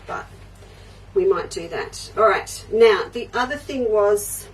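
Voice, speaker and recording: A woman's voice: medium pitch, takes it slowly, distant mic, a little hiss or hum, low-quality recording. An older woman hosting a live quilting show, chatting away and answering viewers' comments as they come in. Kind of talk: live crafting show chat.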